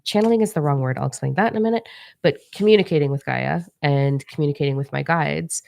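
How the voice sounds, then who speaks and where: A young woman telling a story in a chatty, animated way, with casual swearing, as a spiritual teacher and author in a vlog. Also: low-pitched, fast, creaky, no echo.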